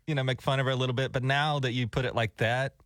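A man's voice: mid-range voice, fairly even intonation, fast, fairly bright tone, dry recording, clean studio sound. Easygoing male morning radio host. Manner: easygoing, reasonable, reads station promos. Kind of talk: casual radio banter.

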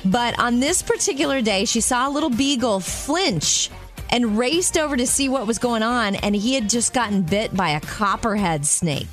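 A woman's voice: fairly high pitch, animated, moderate pace, faint music behind. A woman co-hosting a radio show, telling stories in casual on-air chat.

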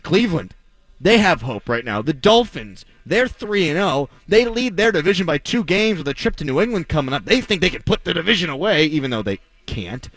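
Blunt, lively male sports radio host. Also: on the high side, fairly quick, no room sound. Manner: blunt, sarcastic, argumentative. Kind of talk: opinionated sports talk radio monologue.

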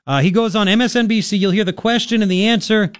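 A man's voice: high-pitched, quick pace, no room sound. Sarcastic talk radio man, dry studio sound. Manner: animated, rambling, sarcastic. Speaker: radio talk show host. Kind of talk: opinionated political talk radio commentary.

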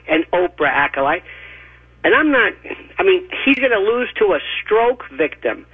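A man's voice: sits high, sing-song, moderate pace, breathy edge, no room sound. A man giving opinionated, mocking commentary on a radio show by phone, talking in an emphatic ranting way. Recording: tinny phone line.

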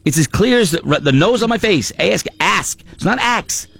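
A man's voice: sits high, expressive, fast, gravelly, a bit bright, breathy edge, dry recording. A man hosting a casual talk show, ranting in an exasperated way. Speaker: radio show host. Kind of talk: casual chat.

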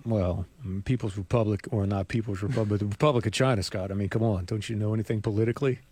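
A man's voice: lowish voice, steady tone, fast, a little mellow, husky. A man co-hosting a sports talk show, chatting casually with rambling asides and frequent laughs. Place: radio studio.

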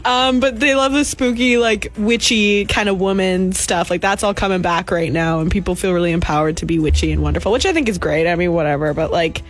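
A woman's voice: fairly low pitch, fairly quick, few pauses, soft background music. A woman co-hosting a casual podcast chat, ranting sarcastically and laughing often. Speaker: podcast co-host.

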